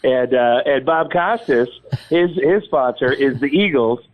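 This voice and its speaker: Middle-aged tv guy blurting stuff as a man puts him on, halting, uh uh uh. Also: mid-range voice, lively intonation, lo-fi sound, close to an everyday voice. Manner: halting, full of "uh" fillers, blurting things out. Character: blundering middle-aged male TV personality.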